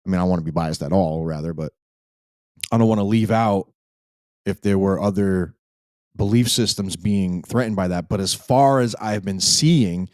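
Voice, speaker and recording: A man's voice: low-pitched, moderate pace, a little mellow, dry recording. A man hosting a live podcast, rambling and emphatic, with frequent restarts. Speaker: podcast host.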